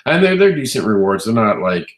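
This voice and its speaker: A man hosting a live online show, talking enthusiastically with frequent restarts, his voice hoarse from recently losing it. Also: fairly low pitch, sing-song, brisk, echoey room. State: hoarse, recovering lost voice. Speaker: host. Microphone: phone mic, standing close.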